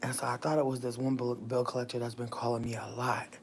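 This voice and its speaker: A woman's voice: extremely low pitch, level tone, fast talker, a little hiss or hum. A woman chatting casually on a livestream, telling stories in a playful, profane way. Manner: starts in a soft whisper, then grows loud. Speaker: livestream host.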